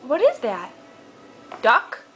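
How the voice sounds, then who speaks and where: A woman's voice: sits high, huge pitch swings, slow, a bit bright, soft background music, poor audio. A woman at home talking sing-song baby talk to a toddler, patiently coaxing and repeating her questions. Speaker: parent teaching a toddler.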